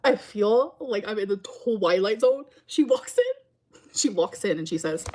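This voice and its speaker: A woman's voice: mid-range voice, animated, normal speed, darkish tone, a little hiss or hum. A woman telling a rambling story to camera in a casual vlog, full of fillers and acted-out quotes.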